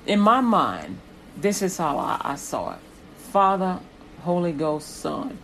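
A woman's voice: on the low side, big pitch swings, takes it slowly, a little hiss or hum, low-quality recording. A woman preaching a sermon with rhythmic repetitions that build in intensity.

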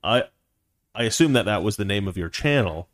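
A man's voice: lowish voice, lively intonation, brisk. A man hosting a casual livestream, reading viewer comments and chatting in a rambling, self-correcting way with frequent laughs. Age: adult, past his teens.

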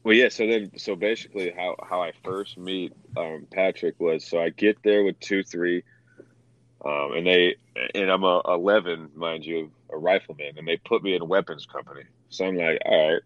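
A young man with a low, deep voice recounts his service in loose, profane, animated talk, acting out what others said. The sound is dry and slightly dull, as if from a modest podcast mic. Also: normal speed, dry recording. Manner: animated, acts out quotes with swearing. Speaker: veteran guest telling war stories. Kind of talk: casual storytelling, profane.

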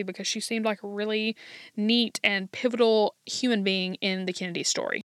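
A woman hosting a podcast, telling a history story in a chatty, quick way, often saying "like" and "kinda". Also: medium pitch. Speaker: podcast host. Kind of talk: casual podcast narration.

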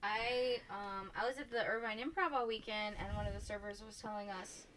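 A woman's voice: mid-range voice, steady tone, fairly bright tone, a little hiss or hum. Laid-back young woman comic chatting. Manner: loose, swearing, quick asides and laughs. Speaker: comedian, podcast co-host. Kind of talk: casual chat.

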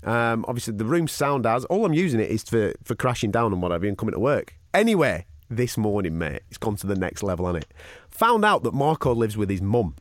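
Lively man telling stories. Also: lowish voice, fairly quick, few pauses, no room sound, studio quality. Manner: animated, mimics voices while retelling. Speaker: podcast co-host. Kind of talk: casual storytelling chat. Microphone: studio mic.

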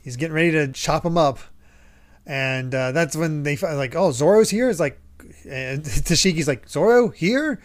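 A man's voice: fairly high pitch, steady tone, moderate pace. A man hosting a podcast, chatting casually about a comic and quoting its characters with lots of laughter. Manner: laughs often, quotes characters animatedly. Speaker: podcast host.

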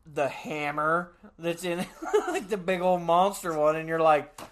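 A man in casual comedic chat, crude and profane, laughing often and breaking into loud bits. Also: on the high side, lively intonation, a little slow.

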